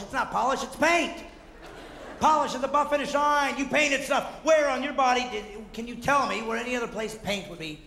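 A man performing energetic, mocking stand-up comedy on stage, acting out the voices he quotes. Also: very high-pitched, gravelly. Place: theater stage before a live audience. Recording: roomy hall with audible audience noise.

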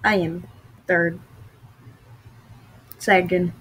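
A woman giving casual gameplay commentary with excitable, dramatic outbursts, sometimes trying out odd voices. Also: fairly low pitch, drawn-out words, husky, low-quality recording. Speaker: gamer.

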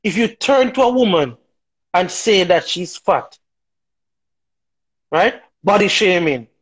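A man speaks as a talk show guest, his voice pitched high with a husky edge. He argues his views emphatically, piling up rhetorical questions. The delivery is opinionated and forceful. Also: animated, takes it slowly, low-quality recording. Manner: emphatic, rhetorical, keeps asking "right?".

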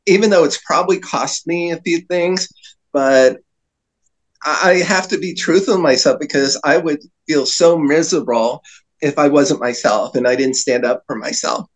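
Guy telling wild stories on a podcast, kinda high voice, does little voices for people. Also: normal speed. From New Jersey. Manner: animated anecdotes, slips into voices for other people. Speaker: guest. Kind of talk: casual storytelling.

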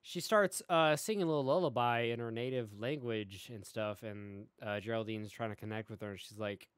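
A man's voice: lowish voice, a little fast, smooth, no room sound, clean studio sound. A man co-hosting a casual review chat, retelling scenes loosely with swearing. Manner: loose, profane retelling with quoted voices. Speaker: podcast co-host reviewing a show.

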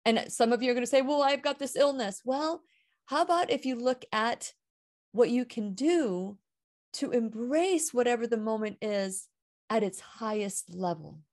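A woman's voice: a little high, normal speed, darkish tone. A woman hosting a radio show, giving an earnest, heartfelt inspirational talk about faith, and rising and falling with emphasis.

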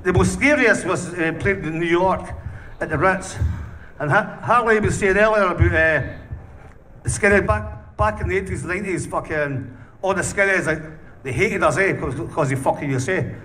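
A man's voice: sits high, normal speed, pushed and bright. A man telling rowdy stories in a casual interview, swearing constantly and breaking into laughter. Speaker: punk band singer. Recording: distant mic with faint background noise.

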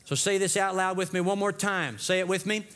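A man preaching a sermon as lead pastor, telling a story with lively shifts and dropping low for dramatic lines. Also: a little fast, soft background music. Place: church sanctuary. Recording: long church hall reverb.

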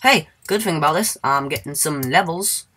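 A man's voice: a little high, lively intonation, moderate pace, pushed and bright. A man giving casual let's-play commentary in a goofy, rambling way, humming and singing to himself and squealing now and then.

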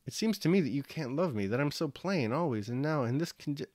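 A man voicing a gentle, anxious young mother and countess in a novel reading, speaking timidly and softly. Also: a little high, lively intonation, fast, dry recording, studio quality, pitched above the performer's own voice, close to an everyday voice. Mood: pleading. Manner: timid, soft-spoken.

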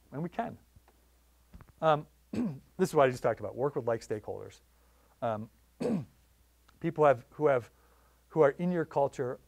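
A man giving a public lecture on wildlife conservation in a library, telling stories with lively voiced quotes. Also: a little high, creaky, no room sound. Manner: animated storytelling with voiced quotes.

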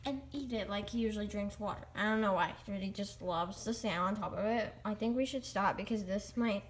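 A woman's voice: medium pitch, a little hiss or hum. A young girl chatting casually about her pets, rambling and restarting often. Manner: rambling, halting, full of restarts. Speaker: vlogger. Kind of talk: casual pet vlog.

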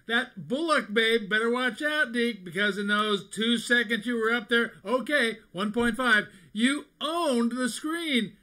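Guy doing a pushy hollywood agent in a cartoon, high bright voice, smooth-talking, calls everyone baby. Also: measured pace, few pauses, full character voice, poor audio. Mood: flattering. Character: fast-talking male Hollywood movie agent, pushy and flattering. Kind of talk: cartoon parody voice acting.

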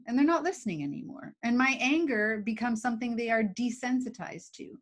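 Animated woman explaining with acted examples. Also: fairly high pitch, brisk, few pauses. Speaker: guest expert on emotional intelligence. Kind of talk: casual live video chat.

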